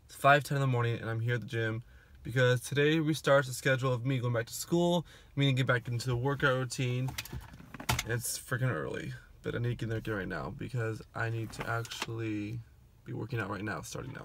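A man's voice: mid-range voice, brisk, a little hiss or hum. A young man in his twenties, a college student vlogging in a chatty, upbeat way and talking straight to his viewers. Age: 20s. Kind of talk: casual vlog chat.

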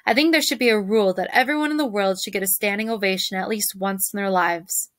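A woman, a teacher, reading a children's novel aloud to her class in a lively storytelling manner. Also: mid-range voice, fast talker, no room sound. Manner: lively, shifts voices for characters.

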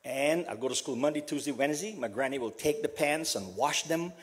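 A man from South America preaching a funeral sermon as pastor, repeating a refrain softly and building to emphatic passages. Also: fairly quick, breathy edge. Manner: repeats a refrain, dropping to a soft low voice.

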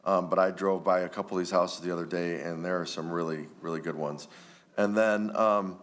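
A man's voice: deep voice, fairly even intonation, brisk. A man giving rambling, friendly remarks with many fillers at a township board meeting. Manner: warm, rambling, many ums.

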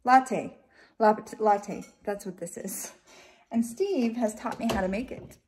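A woman's voice: on the high side, big pitch swings, moderate pace, very noisy. A middle-aged woman vlogging casually from her home kitchen, chatting to her viewers and her pets with self-mocking humor. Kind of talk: casual vlog chat.

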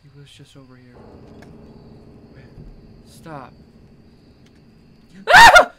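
A young man giving jumpy commentary while playing a horror game, yelling at the monster chasing him. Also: mid-range voice, expressive, a little slow, noisy background. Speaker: gamer.

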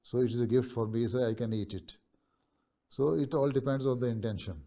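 Measured man with a dark voice. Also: mid-range voice. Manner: measured, pausing, often checking with "right?". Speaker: religious leader answering students. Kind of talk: video-call question and answer. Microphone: video call.

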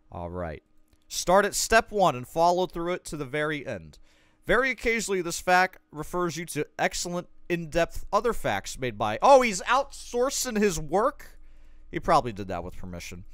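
A man's voice: a little high, wildly swooping pitch, normal speed, a bit bright, clean tone, dry recording, clean studio sound. A man streaming a game, casually reading a guide aloud with sarcastic joking asides. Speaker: gaming streamer.

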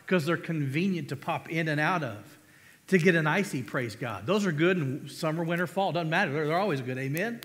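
A pastor's slightly high, bit-bright voice carries lively intonation and a somewhat quick pace through a church hall's long reverb. Preaching emphatically in the sanctuary, he poses rhetorical questions to the congregation and calls out for amens.

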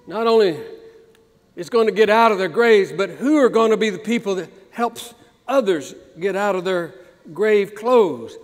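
A man's voice: high-pitched, normal speed, in a large hall. A male pastor preaching a sermon, emphatic and repetitive, building to fervent appeals in a church. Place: church sanctuary.

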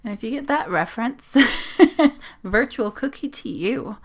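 A woman's voice: fairly high pitch, lively intonation, a little slow. A woman from Australia chatting casually at her desk as she opens mail on her phone camera, gushing, giggling and sometimes dropping to a whisper. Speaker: zine vlogger. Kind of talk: casual unboxing chat. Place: home desk.

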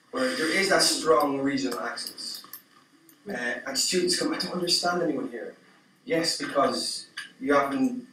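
A man's voice: mid-range voice, pushed and bright, slight background noise. A man giving a conference talk to teachers, explaining informally with some fillers. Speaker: teacher trainer presenting. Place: conference room. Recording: echoey hall, speaker far from mic.

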